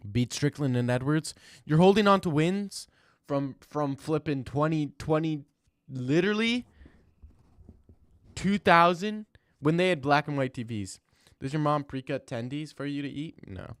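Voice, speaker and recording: Loud ranting young male streamer. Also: on the high side, unhurried, no room sound, clean studio sound. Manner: loud, mock-outraged ranting. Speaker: streamer reading chat. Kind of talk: casual live stream chat reactions.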